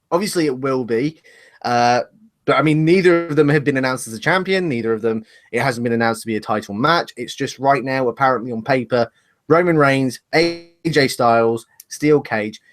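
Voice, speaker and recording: A man co-hosts a casual live discussion show over a webcam, rambling, speculating and laughing at himself. He's a podcast co-host with a medium-pitched voice and a brisk pace.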